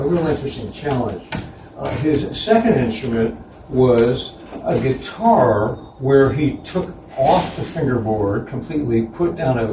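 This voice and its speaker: A man giving a conference lecture about slides, relaxed and chuckling between points. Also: mid-range voice, noisy background. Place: concert hall. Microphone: distant room mic. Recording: roomy, distant hall recording.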